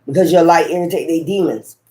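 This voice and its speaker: High-voiced man giving a profane spiritual reading. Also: mellow. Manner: profane, emphatic, talks straight to the audience; frequent rhetorical tag questions. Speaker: tarot reader. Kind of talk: casual spiritual reading to viewers.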